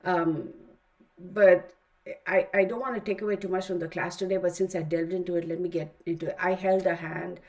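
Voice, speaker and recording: Middle-aged Texan woman host, lowish voice, chatty, rambling, lots of ums. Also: steady tone, brisk, darkish tone. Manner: rambling, storytelling, many fillers. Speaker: tarot channel host. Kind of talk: casual livestream chat.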